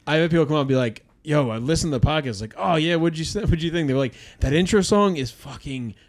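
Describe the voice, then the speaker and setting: A man guesting on a comedy podcast, throwing in quick deadpan quips during casual chat. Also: a little high.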